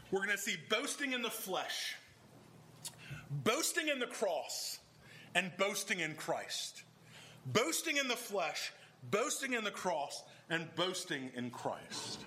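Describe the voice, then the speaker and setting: Bright, animated man preaching a sermon. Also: high voice, slight background noise. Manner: conversational preaching, rising to emphatic bursts. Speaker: pastor. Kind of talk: expository sermon.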